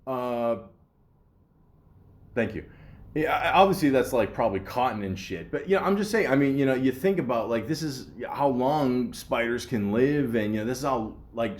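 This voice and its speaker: Man, low voice, podcast host, casual rambling monologue, profane, lots of fillers, reads facts then riffs. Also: a little mellow.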